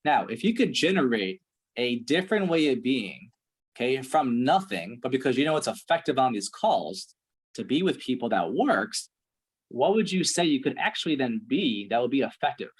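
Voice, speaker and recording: A man's voice: mid-range voice, big pitch swings, moderate pace, breathy edge. A man coaching a client one-on-one, direct and profane, checking in with "right?" again and again. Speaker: performance coach. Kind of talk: blunt one-on-one coaching session.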